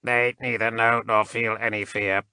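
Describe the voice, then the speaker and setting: Narrator putting on an arrogant cyborg drone, monotone and cold, slightly altered timbre. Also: male voice, on the low side, moderate pace, clean tone, no room sound.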